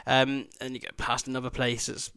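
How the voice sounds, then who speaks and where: A man's voice: medium pitch, completely flat delivery, a little fast, sharp tone, smooth, no echo. A man hosting a podcast, telling a rambling, sweary travel story with laughing asides. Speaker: podcast host.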